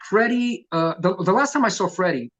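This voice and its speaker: A middle-aged man, a punk vocalist telling profane, lively stories in an oral history interview. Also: high-pitched, moderate pace, highs cut off. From New York. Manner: profane, animated storyteller who acts out quotes.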